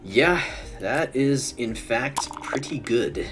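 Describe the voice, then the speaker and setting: A young man with a deep, fairly bright voice narrates his live stream in an unhurried way, casually commenting while he plays. He frequently mutters and chuckles, and faint music can be heard.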